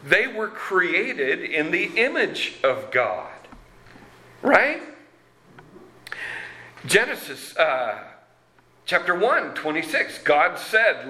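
A man preaching a sermon as pastor, slow and deliberate, reading scripture with dramatic emphasis. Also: high voice, sing-song, bright, forceful tone. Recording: roomy echo.

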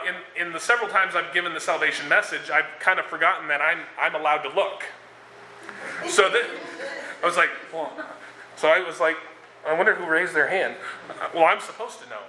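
A man preaches in a relaxed, conversational way, often pausing on fillers and restarting his sentences. His voice sits a little high and rings very bright and sharp. The room around him is echoey, with faint ambient noise. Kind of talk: sermon.

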